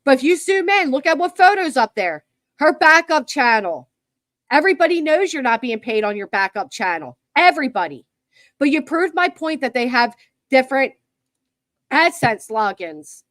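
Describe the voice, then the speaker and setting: Her high, slightly bright voice swings widely in pitch at a moderate pace as she runs a livestream commentary. At her computer, she mocks her chat and viewers with plain exasperation. The computer mic gives clean studio sound with no room sound.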